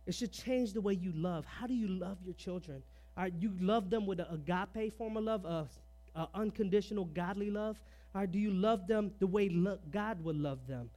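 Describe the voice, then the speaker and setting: A man's voice: high-pitched, normal speed, darkish tone. A man preaching a sermon on parenting, firing off rhetorical questions, dropping "all right" between points, and sharing personal stories in an earnest, conversational way.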